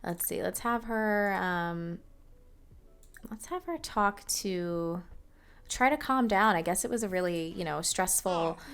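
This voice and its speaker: This let's play host speaks slowly, her fairly low voice clean and somewhat bright. She chats her way through the game with fillers and soft laughter, game music running underneath.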